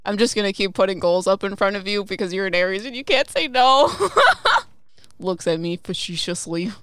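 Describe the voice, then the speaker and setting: A woman's voice: medium pitch, moderate pace, fairly bright tone, smooth, dry recording, clean studio sound. A woman co-hosting a casual paranormal podcast, teasing her partner and laughing often. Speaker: podcast co-host. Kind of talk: casual chat.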